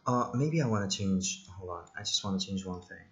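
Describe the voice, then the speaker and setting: A man casually talking through a software tutorial, thinking aloud with many ums and side jokes. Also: low-pitched, animated, a little fast. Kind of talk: casual screen-recorded tutorial.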